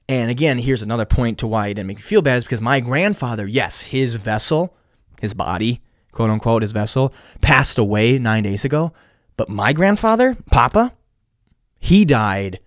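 A young adult man hosting a podcast tells a personal story in a casual, rambling way, swearing often and slipping in sarcastic asides. His voice is medium-pitched, recorded at studio quality with no echo.

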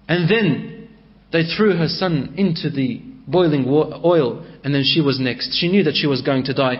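A male preacher telling a story in a sermon, swinging between raised and hushed delivery. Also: a little high, moderate pace, lo-fi sound.

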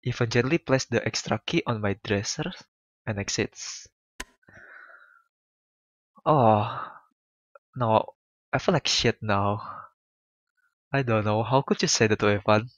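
A man's voice: on the low side, slow, pauses often, no room sound. A young man streaming a visual novel, reacting emotionally and apologizing often as he plays. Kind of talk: let's play commentary.

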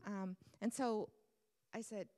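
A married woman sharing a church testimony in an earnest storytelling way, with soft laughs. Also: medium pitch, steady tone, slow. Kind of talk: casual spoken testimony. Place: church meeting room. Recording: echoey hall.

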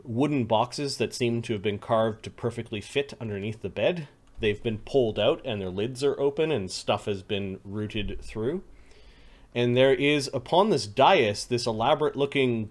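A man running a tabletop game as game master, describing rooms and clues in an unhurried way and chuckling between details. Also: lowish voice.

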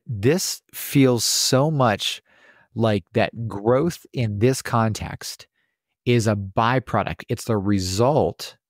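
A man's voice: lowish voice, no echo, studio quality. A man hosting a podcast interview, affirming and enthusiastic in casual chat. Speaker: podcast host.

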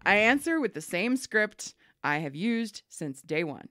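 A woman co-hosting a podcast, reading listener emails aloud and telling stories in a lively, swearing, laughing way. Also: medium pitch, a little slow, dry recording, studio quality. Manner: animated storyteller, swears freely, laughs often. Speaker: podcast co-host.

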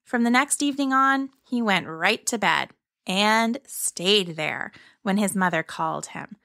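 A woman hosting a children's podcast, narrating a fairy tale in a gentle, measured way. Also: a little high, vocal fry, no room sound, studio quality. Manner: gentle, measured, slow storytelling. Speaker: storyteller and podcast host.

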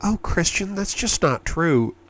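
A man voicing a playful, teasing young woman in an audiobook, lifting his voice high and soft. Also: expressive, measured pace, a little hiss or hum.

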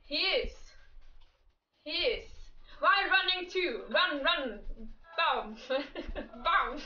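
Exasperated and swearing freely, a woman who makes gaming content rants about game characters and keeps bursting out laughing. Her voice sits high and is expressive and sharp, her pace slow. The recording has the highs cut off, plus room echo, a faraway mic, and faint music.

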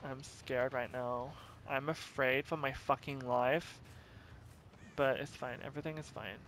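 A man's voice: mid-range voice, fairly even intonation, unhurried, fairly bright tone, slight background noise. A man commenting on his own gameplay, nervous and swearing, repeating himself and giving himself pep talks. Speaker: gaming streamer.

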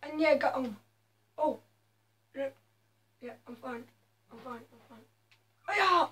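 High-voiced woman narrating her gameplay. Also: fairly even intonation, unhurried. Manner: self-mocking, with sudden exclaimed outbursts. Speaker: gaming video host. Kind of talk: casual gameplay commentary.

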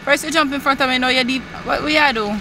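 A woman's voice: high-pitched, steady tone, fast talker, heavy background noise, voice pushed up. A woman putting on a to play an indignant woman complaining about a queue.

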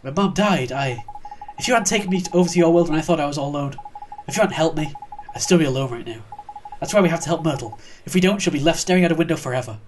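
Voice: medium pitch, quick pace, darkish tone, a little hiss or hum, natural voice. A let's-play gamer reading lines as a kind, earnest young boy hero.

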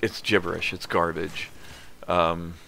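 Gravelly low-voiced male game streamer. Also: little pitch movement, a little slow, bright, forceful tone, a little hiss or hum. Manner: rambling, frank, with many fillers. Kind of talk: casual gameplay commentary.

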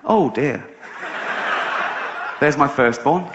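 A male comedian voicing a middle-aged mother talking quietly to herself as she thinks aloud. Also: medium pitch, lively intonation, slow pace, noisy background. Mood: musing. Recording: echoey dull live hall recording.

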